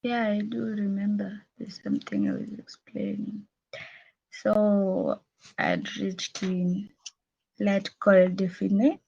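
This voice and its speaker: A woman's voice: medium pitch, fairly even intonation, vocal fry, a little mellow, husky, muffled recording. A woman student, hesitantly explaining a grammar point in class. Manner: hesitant, halting.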